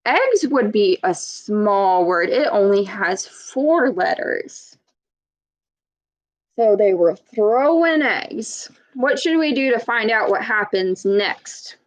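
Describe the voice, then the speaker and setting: Reading a storybook to children, this woman uses a medium-pitched, expressive voice and takes her time. She pauses the story to teach, patiently putting questions to her young listeners.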